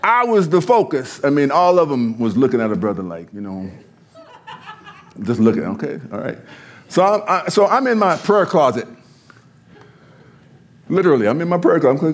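A pastor telling a story in conversation, animated, often laughing and repeating his words. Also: fairly high pitch, brisk, long pauses.

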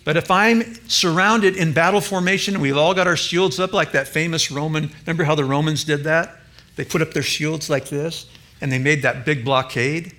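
Bright-voiced emphatic male preacher. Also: a little high, moderate pace. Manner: emphatic, addresses the congregation directly. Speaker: pastor. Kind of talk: sermon.

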